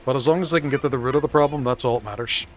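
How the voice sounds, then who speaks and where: A man's voice: medium pitch, very fast, soft background music. A man live-streaming a game, swearing often, joking with chat and reading it aloud.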